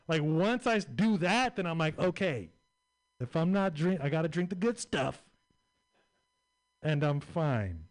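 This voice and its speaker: A man's voice: on the high side, very animated, unhurried, long pauses. A young adult man doing a stand-up set, rambling and crude with lots of filler words. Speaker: stand-up comedian.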